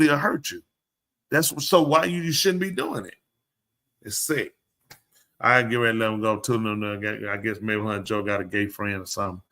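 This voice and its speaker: A man's voice: a little high, pushed and bright. A man hosting a live podcast show, ranting bluntly and opinionatedly in casual chat and addressing the people around him. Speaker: podcast host.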